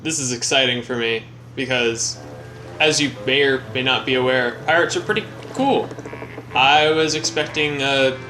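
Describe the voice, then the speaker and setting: A man's voice: medium pitch, normal speed, bright, forceful tone, rough recording. Self-mocking young man commenting on a game. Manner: rambling, self-mocking and joking. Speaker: let's play host. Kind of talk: casual gameplay commentary. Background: game music.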